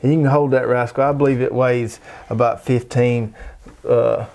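A man's voice: medium pitch, steady tone, normal speed, creaky, darkish tone. A middle-aged man with a Southern US accent hosting a casual garden show, talking in a folksy, rambling, drawling way. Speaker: show host. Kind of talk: casual chat.

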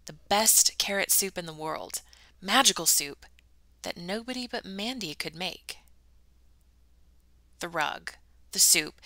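A woman's voice: medium pitch, a little slow, bright, forceful tone, dry recording. A woman reading a novel aloud, with casual, self-deprecating asides between chapters. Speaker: audiobook reader.

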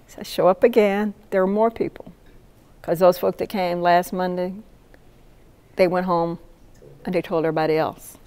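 A woman in her seventies, a poet laureate, telling a lively story to an audience and acting out the voices of the people in it. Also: on the low side, normal speed, pauses often, clear, resonant tone. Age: 70s. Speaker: poet laureate giving a talk. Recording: long reverb of a hall.

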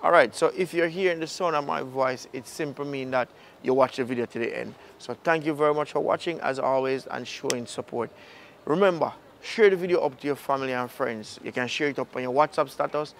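Brief: Jamaican male host, easygoing outro chat, mid pitch. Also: brisk, creaky, a little hiss or hum. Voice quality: Jamaican patois phrasing, relaxed. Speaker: filmmaker and channel host. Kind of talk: casual outro talk to viewers.

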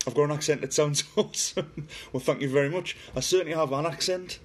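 A man's voice: fairly high pitch, quick pace. Geordie man hosting a livestream. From Newcastle, northeast England. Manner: chatty, reads viewer comments aloud, talks to a spirit box. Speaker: paranormal livestream host. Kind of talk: casual livestream chat.

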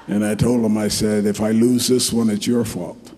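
A man's voice: fairly low pitch, warm tone, slight background noise. An older man from New Jersey giving a folksy, rambling, joking acceptance speech at an awards ceremony in a large hall. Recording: echoey hall.

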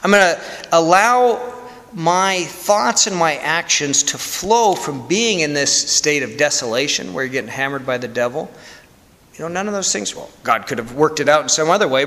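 A priest telling a story in a candid, conversational sermon with self-deprecating humor. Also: male voice, fairly high pitch, fairly bright tone. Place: church. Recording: long church reverb.

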